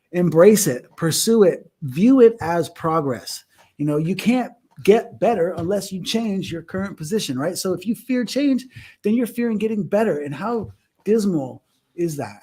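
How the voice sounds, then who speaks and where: Animated storytelling man, slightly high. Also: breathy edge. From United States. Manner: animated, acts out voices in stories. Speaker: podcast co-host. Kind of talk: casual storytelling chat.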